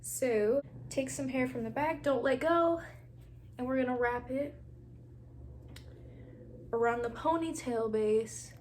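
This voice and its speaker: A young woman with a fairly high voice talks casually to her viewers while styling her braids. She slips into soft near-whispers as she concentrates. There is a faint hiss in the background. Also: slow, long pauses. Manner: chatty, talks straight to viewers as "girl" and "y'all", laughs often; drops to a near whisper while twisting hair. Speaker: hair tutorial vlogger. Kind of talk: casual hair tutorial chat.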